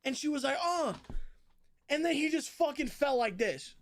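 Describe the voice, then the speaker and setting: A young man streaming to his viewers, telling a long story in a casual, animated way, swearing often and breaking into loud outbursts. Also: very high-pitched. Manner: animated, swears a lot, jumps between fast narration and loud outbursts.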